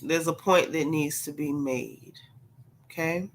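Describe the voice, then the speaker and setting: A woman's voice: deep voice, takes it slowly, a little hiss or hum. A woman with a congested, sick voice hosting a gossip livestream, talking straight to her chat and stressing her points by repeating them. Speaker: gossip channel host. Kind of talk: livestream commentary.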